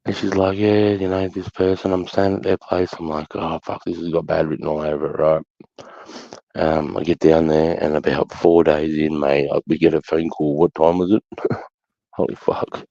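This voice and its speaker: A man's voice: rumbling low, little pitch movement, normal speed, vocal fry, mellow, dry recording. A middle-aged Australian man telling stories in casual chat, blunt and sweary. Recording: dull lo-fi sound.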